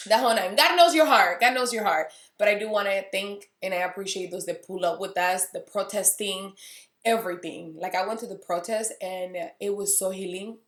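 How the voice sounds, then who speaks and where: Chatting casually to camera, a beauty vlogger in her thirties tells candid stories and voices both sides of the dialogue herself. Her medium-pitched voice has a fairly bright tone, captured with a roomy sound.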